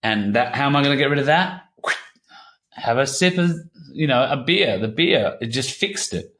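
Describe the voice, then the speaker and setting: A man in his thirties talking candidly as an interview guest, halting and repeating himself, swearing casually. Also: mid-range voice, animated, fairly bright tone. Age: 30s. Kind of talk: candid personal conversation.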